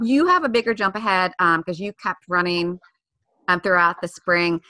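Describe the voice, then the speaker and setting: Bright-voiced chatty Maryland woman. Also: on the low side, expressive, moderate pace, no echo. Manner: chatty, hops between topics, apologizes often. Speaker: podcast co-host. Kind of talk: casual chat.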